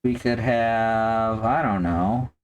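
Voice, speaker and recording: A man's voice: lowish voice, slow. A man hosting a live stream, chatting casually and joking as he thinks aloud while painting miniatures.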